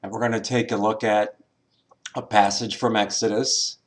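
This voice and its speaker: A man teaching a recorded spiritual class as a minister, in a measured way with pauses and some filler words. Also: lowish voice, flat delivery.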